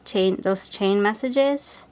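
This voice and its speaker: A woman's voice: medium pitch, takes it slowly. A young adult woman hosting a chatty podcast, telling stories and acting out what others said. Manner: storytelling, animated quoting of others. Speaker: podcast host. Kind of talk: casual chat.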